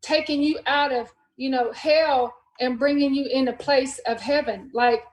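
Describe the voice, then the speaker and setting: A woman hosting a podcast in casual chat, warmly affirming her guest and chiming in often. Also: sits high, steady tone, a little slow. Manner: affirming, interjects with "wow" and "yeah". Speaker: podcast host. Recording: echoey room with faint noise.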